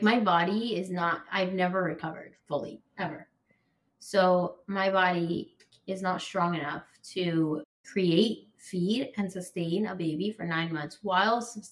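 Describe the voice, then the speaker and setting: An American woman appears as a podcast guest, her voice on the low side, telling a personal story with candor and emotion. She leans on fillers like "like" and breaks into sudden raised-voice bursts as she recounts her anger.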